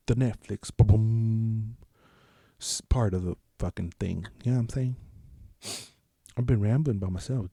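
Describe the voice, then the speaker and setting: A man's voice: mid-range voice, dark tone, husky, dry recording, studio quality. A man from the United States hosting a solo podcast, talking in a loose, rambling, profane way with lots of restarts. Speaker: podcast host. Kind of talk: solo casual podcast chat.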